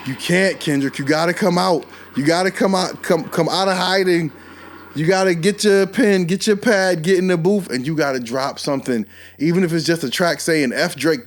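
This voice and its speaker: A man hosting a podcast, giving casual, animated commentary and talking straight at the people he discusses. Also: sits high. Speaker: podcast host.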